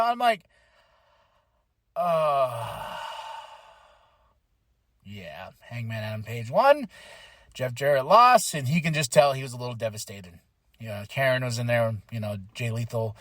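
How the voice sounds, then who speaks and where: A man hosting a podcast, reviewing a wrestling show in casual chat, animated and acting out wrestlers' lines. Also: mid-range voice, no echo, clean studio sound. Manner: animated, acts out wrestlers in quotes, swears. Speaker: podcast host.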